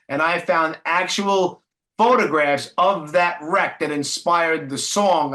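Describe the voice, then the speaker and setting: A man's voice: a little high, bright, forceful tone. A man hosting a podcast in casual conversation, laid-back and jokey, laughing easily. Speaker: podcast host.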